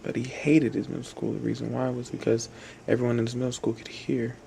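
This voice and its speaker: A man's voice: medium pitch, level tone, brisk, creaky, background noise. A young adult man telling a long story in a rambling, repetitive way, with fillers and restarts. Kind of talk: spoken storytelling.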